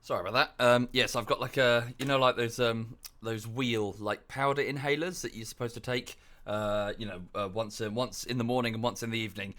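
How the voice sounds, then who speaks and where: A man's voice: medium pitch, steady tone, brisk, few pauses, fairly bright tone. A man streaming from home in a casual, rambling chat, a bit out of breath. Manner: chatty, rambling with many fillers. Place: home room.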